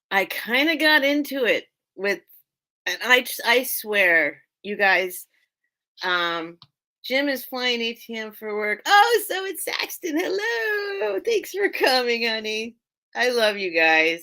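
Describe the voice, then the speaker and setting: Casual live-sale host, a woman, rambling and giggly, with a bright voice and a slow, leisurely delivery. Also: medium pitch. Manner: rambling, chatty, laughs often, loses train of thought. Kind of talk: casual live-stream chat.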